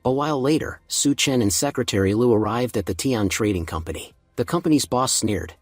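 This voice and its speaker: Husky male recap narrator. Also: mid-range voice, animated, moderate pace, few pauses, dry recording, faint music behind.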